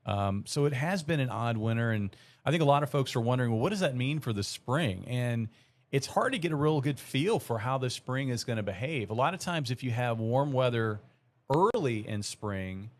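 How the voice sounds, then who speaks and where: A man's voice: medium pitch, expressive, normal speed. Middle-aged male forecaster, loose and chatty. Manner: conversational, explanatory, lots of fillers. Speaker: meteorologist. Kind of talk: live weather discussion.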